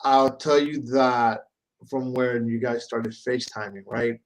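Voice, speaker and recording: A man hosting a casual chat show, relaxed and easygoing, swearing now and then. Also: medium pitch, a little slow, poor audio. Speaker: host.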